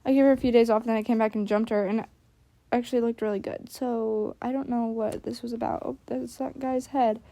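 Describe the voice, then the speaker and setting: A woman's voice: fairly high pitch, fairly even intonation, a little fast, gravelly, warm tone, no room sound. A young woman giving casual, self-critical voice-over commentary on her riding videos, chatty and full of "like" fillers. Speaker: equestrian vlogger.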